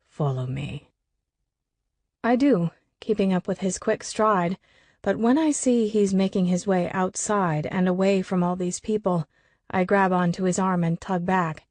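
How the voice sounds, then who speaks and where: A woman reading a first-person audiobook in an even, expressive storytelling voice. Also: mid-range voice, normal speed, no room sound. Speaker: audiobook narrator.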